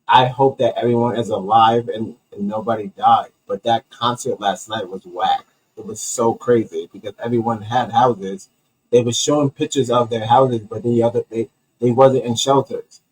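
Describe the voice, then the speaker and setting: Husky-voiced man on a profane rant. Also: medium pitch, darkish tone, low-quality recording. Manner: swearing, heated, rambling with restarts. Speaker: host of a comedy commentary show.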